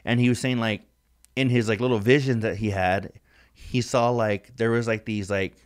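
A man's voice: lowish voice, steady tone, normal speed. A man co-hosting a podcast in casual chat, rambling and swearing, with "like" in nearly every sentence. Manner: rambling, profane, heavy use of "like". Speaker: podcast co-host.

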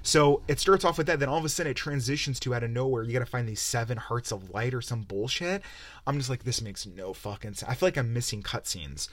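On a close mic, a young podcast host tears into a game with a swear-laden, meandering, fed-up review. He's animated and quick, his voice medium-pitched, and the recording dry.

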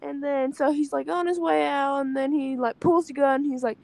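A woman's voice: high voice, steady tone, moderate pace, vocal fry, hardly any pauses, darkish tone. A young woman, in school, chatting casually about a film and retelling scenes with lots of 'like' fillers. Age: young adult. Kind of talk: casual movie chat.

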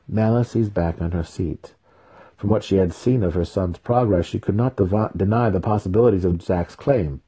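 A man reads a fantasy novel aloud at a steady, unhurried pace. His voice is very low and mellow, with a husky grain. It sounds like a storybook reading. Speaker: audiobook reader.

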